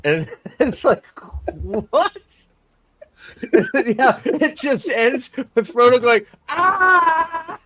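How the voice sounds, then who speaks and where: A middle-aged Californian man, a streamer and podcast host, chats casually in an extremely high-pitched voice at a slow pace. He's excitable and profane, rambling and restarting his sentences again and again.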